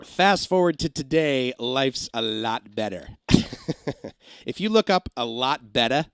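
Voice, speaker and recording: Middle-aged guy rambling on a livestream, pitch jumping all over, dry close mic. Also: lively intonation, measured pace, clean tone, no room sound. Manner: rambling storyteller who slips into comic impressions. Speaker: live streamer and former radio engineer. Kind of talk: casual livestream chat. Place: home in Massachusetts.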